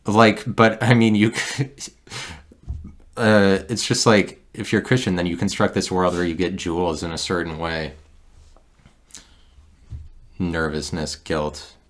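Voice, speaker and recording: A man's voice: deep voice, steady tone, slow pace, pauses often. A man hosting a podcast, talking in a rambling, sarcastic solo monologue into a handheld recorder, often breaking off and restarting his sentences. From Midwestern United States. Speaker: podcast host.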